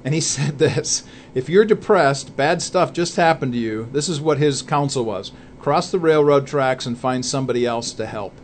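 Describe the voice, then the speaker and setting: A man's voice: mid-range voice, normal speed, slight background noise. A man co-hosting a Christian talk show, speaking in an earnest, preacherly way and laying out his points one by one. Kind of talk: conversational faith talk.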